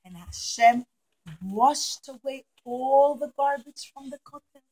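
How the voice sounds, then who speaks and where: A woman telling a story to young children in a classroom, animated, acting out the characters with gasps and whispers. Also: high-pitched, slow pace, husky, poor audio.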